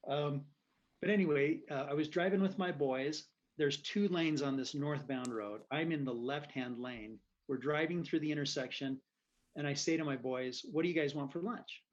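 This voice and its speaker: Man guest, lively storyteller who laughs a lot; muffled lo-fi audio. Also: fairly high pitch, normal speed. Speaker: physician guest. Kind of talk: casual storytelling.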